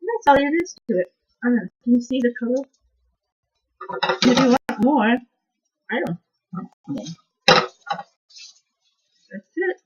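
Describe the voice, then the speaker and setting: A woman hosting a casual cooking vlog from her home kitchen, quiet and soft-spoken, chatting in a rambling way and trailing off as she cooks. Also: on the high side, big pitch swings, unhurried, long pauses, slightly rough, highs cut off. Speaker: cooking channel host.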